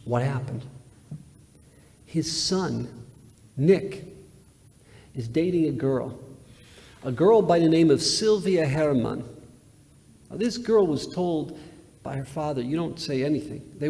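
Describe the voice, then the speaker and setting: A man's voice: mid-range voice, gravelly, mellow. A male rabbi giving a sermon-style lecture in a synagogue, telling a story emphatically with repetitions and sudden swings in volume. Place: large synagogue sanctuary. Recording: reverberant hall, live webcast.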